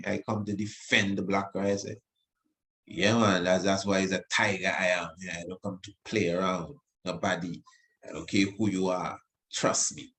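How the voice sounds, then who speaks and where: On the radio, a low-voiced man teaches the Bible with emotion. He repeats phrases and reads scripture slowly and with emphasis.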